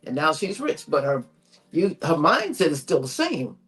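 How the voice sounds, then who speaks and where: A woman's voice: sits low, big pitch swings, normal speed, a bit bright. A woman co-hosting a TV recap chat, telling the story in an emphatic, exasperated way with lots of rhetorical questions. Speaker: co-host of a TV recap show. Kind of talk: animated casual recap chat.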